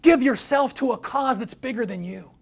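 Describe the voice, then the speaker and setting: Gravelly American man giving a talk. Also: extremely high pitch, moderate pace. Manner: storytelling, acts out quoted voices. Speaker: speaker. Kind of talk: inspirational talk.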